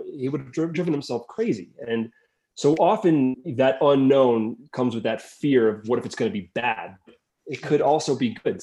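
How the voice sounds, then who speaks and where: A man in a casual discussion, telling a parable in a relaxed way with lots of fillers. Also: mid-range voice. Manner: easygoing storyteller, many fillers.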